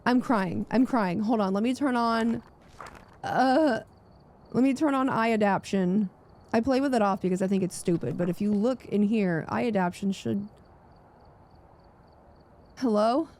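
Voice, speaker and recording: A young woman streaming a game, gushing with breathless excitement, gasping and squealing as she tours new menus. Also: medium pitch, measured pace, long pauses. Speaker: gaming streamer. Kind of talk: excited gameplay commentary.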